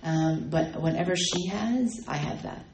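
A woman telling her personal recovery story at a meeting, halting and full of ums and restarts. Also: lowish voice, roomy sound, noisy background. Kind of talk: personal testimony talk.

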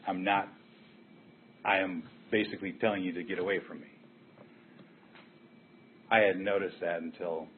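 Low-voiced older man, tinny phone-like sound. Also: slight background noise. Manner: candid, blunt, conversational storytelling. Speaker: recovery meeting speaker. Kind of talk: personal recovery share.

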